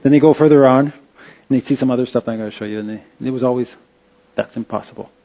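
A man giving an informal slide-show talk, halting and restarting with many fillers. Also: mid-range voice, dark tone, highs cut off. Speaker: presenter.

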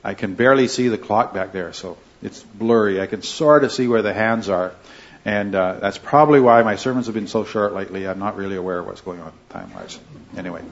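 A man teaching an informal Bible class in an indoor classroom, rambling and halting with many fillers and restarts. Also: on the low side. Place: indoor classroom with a wall clock. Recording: slightly muffled recording.

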